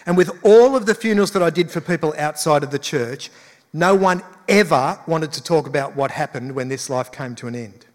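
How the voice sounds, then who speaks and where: A man's voice: fairly high pitch, a little fast. A male pastor giving a conversational sermon with emphatic rises. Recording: long hall reverb.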